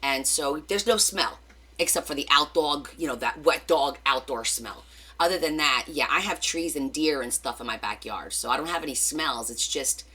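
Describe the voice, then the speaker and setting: A woman's voice: low voice, bright, forceful tone, slightly rough. A middle-aged woman with a New Jersey accent, hosting a craft livestream, chatting casually and greeting viewers by name with rambling asides.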